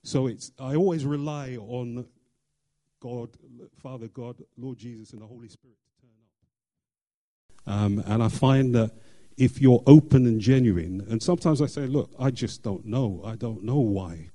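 A middle-aged man, sharing a personal faith testimony in an earnest, halting way with many fillers and restarts. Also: medium pitch, dark tone. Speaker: church member sharing testimony.

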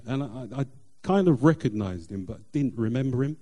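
A middle-aged man, sharing a personal faith testimony in an earnest, halting way with many fillers and restarts. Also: medium pitch, lively intonation, dark tone. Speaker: church member sharing testimony.

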